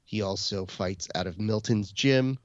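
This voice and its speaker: Podcast co-host, male, low voice, storyteller who mimics others; dry, dull lo-fi close-mic sound. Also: measured pace, dry recording. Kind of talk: casual chat.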